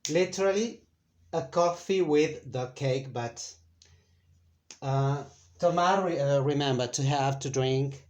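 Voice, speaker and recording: A male Spanish teacher casually explains a lesson at a slow, unhurried pace, thinking aloud with lots of fillers and self-corrections. His voice is a little high and a little mellow.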